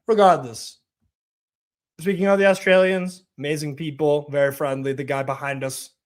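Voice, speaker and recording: A man's voice: fairly high pitch, steady tone, moderate pace. A man hosting a live watch-along stream, giving casual commentary in a profane, ranting, mocking way.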